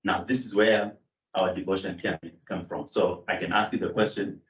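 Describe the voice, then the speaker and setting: Male lecturer, low voice, explanatory classroom delivery; distant, muffled mic. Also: steady tone, moderate pace. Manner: explanatory, with fillers and self-corrections. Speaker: Greek lecturer. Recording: echoey room, distant mic, dull sound.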